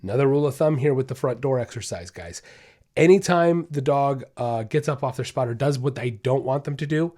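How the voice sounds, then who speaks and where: Man, podcast host, dog trainer, casual upbeat instruction, mid-pitched voice, talks straight to listeners. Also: brisk, darkish tone. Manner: casual, upbeat, addresses listeners as guys, many okays and rights.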